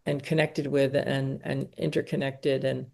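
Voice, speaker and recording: A woman's voice: very deep voice, level tone, measured pace, creaky, warm tone. A woman hosting an interview, asking long searching questions that ramble and restart. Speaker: host.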